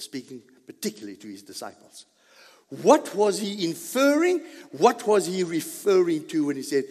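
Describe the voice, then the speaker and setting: Man preaching a sermon, high voice, swoops up and down a lot, long echo in a big church. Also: big pitch swings, normal speed. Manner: rhetorical questions answered aloud, builds to shouting. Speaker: pastor. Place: church sanctuary. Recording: long reverb of a large hall.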